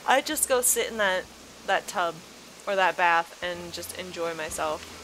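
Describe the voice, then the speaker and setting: A woman's voice: lowish voice, measured pace, fairly bright tone, a little hiss or hum, rough recording. A woman hosting a video tour of a game island, gushing and exclaiming over what she sees, a little sleepy. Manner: gushing, effusive, exclaims often. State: sleepy, yawning. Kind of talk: casual gameplay commentary. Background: background music.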